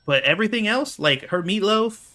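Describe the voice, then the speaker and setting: A man's voice: sits high, lively intonation, normal speed, pushed and bright. Profane exasperated man telling stories. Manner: profane, exasperated, laughs often. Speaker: gaming video creator. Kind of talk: casual storytelling over gameplay.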